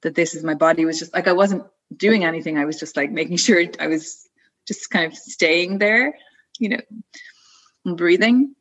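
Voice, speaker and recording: A woman in her thirties talks through a personal story in a loose, conversational way. Her voice sits a little low for a woman. She fills her phrases with "like" and "you know" and laughs easily between them. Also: moderate pace, highs cut off. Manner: relaxed, chatty, frequent "like" and "you know", laughs often. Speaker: guest telling her birth story. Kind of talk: casual storytelling interview.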